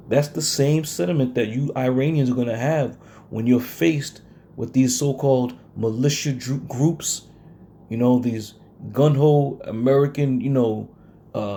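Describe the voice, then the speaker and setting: A man delivers a confrontational sermon with a dark, mellow tone. He lectures his listeners bluntly and slows down to read scripture with weighty emphasis. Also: medium pitch, a little hiss or hum. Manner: confrontational, blunt, reads verses slowly and stresses them. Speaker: preacher.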